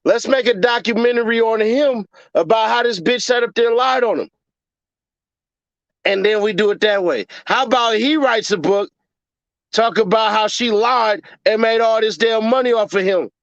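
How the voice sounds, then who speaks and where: A Chicago man in his 30s hosts a casual livestream, ranting with profane jokes and putting on mocking voices. His voice is high and at normal speed, with no echo on a muffled recording.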